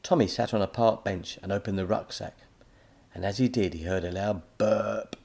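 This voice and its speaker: A man narrating a children's audiobook in a lively storytelling manner. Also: lowish voice, normal speed, vocal fry, slightly rough.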